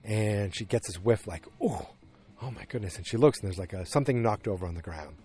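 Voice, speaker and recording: Low-voiced man rambling through a recap. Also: fast talker, warm tone. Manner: meandering retelling with frequent restarts and fillers. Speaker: podcast host recapping a TV episode. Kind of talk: casual recap monologue.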